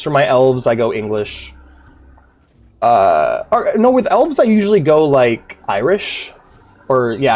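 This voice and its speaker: With a medium-pitched, darkish voice, a man streams a video game and rambles casually to his chat. He swears freely and keeps up loose banter while faint game music plays in the background.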